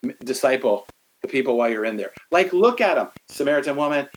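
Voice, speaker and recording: A middle-aged man in a casual faith conversation, animated, acting out quotes as he tells stories. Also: mid-range voice, quick pace, husky, low-quality recording.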